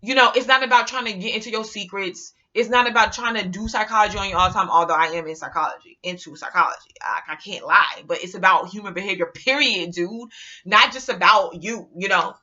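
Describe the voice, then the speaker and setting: A woman vlogger talking casually to her viewers in an animated, rambling, slangy way. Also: medium pitch, a little fast, dull audio. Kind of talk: casual monologue to camera.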